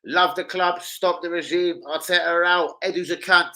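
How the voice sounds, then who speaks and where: A man chatting casually on a football live stream, swearing freely and breaking into loud, excited shouts. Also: high-pitched, moderate pace, hardly any pauses, rough recording.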